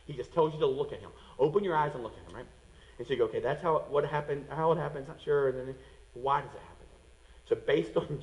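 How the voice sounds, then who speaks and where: A man preaching a sermon as a pastor, animated and acting out the voices of people in the story. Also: on the high side, long reverb tail, muffled recording.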